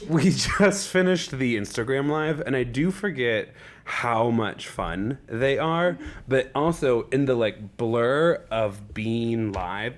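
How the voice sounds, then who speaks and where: A man chatting casually as a podcast co-host, his voice sitting at an ordinary middle pitch. He rambles through stories with plenty of fillers and breaks into laughter along the way. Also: lively intonation, a little slow. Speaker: podcast co-host and speech teacher. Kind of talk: casual chat.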